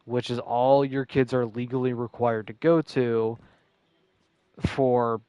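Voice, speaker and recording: Rambling man with a smooth voice. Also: mid-range voice, little pitch movement, slow pace, dry recording, highs cut off. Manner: rambling, heavy filler words and profanity. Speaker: streamer. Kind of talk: casual storytelling while gaming.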